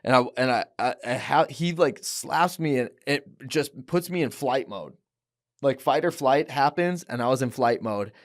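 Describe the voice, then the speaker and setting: A young man on a podcast who tells his story in a casual, animated way and acts out the voices of the people in it. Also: mid-range voice, normal speed. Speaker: guest, fighter. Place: podcast studio.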